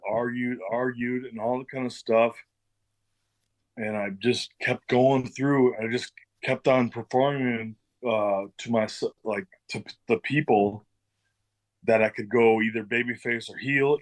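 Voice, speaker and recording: Middle-aged male guest, ex-wrestler, rambling anecdotes with cussing and acted-out quotes, medium pitch. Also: poor audio. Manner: loose, swearing, acts out quoted dialogue. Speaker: interview guest, former pro wrestler. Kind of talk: casual storytelling interview.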